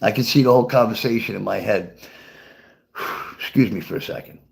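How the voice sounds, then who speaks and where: A man's voice: on the low side, a little fast, vocal fry. An older man reading his own memoir aloud and chatting with viewers, swearing freely and laughing at his own stories.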